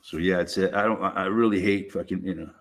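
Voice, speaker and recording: A man streaming a casual monologue, rambling and swearing freely, with lots of halting restarts and "you know". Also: low voice, fairly even intonation, slight background noise.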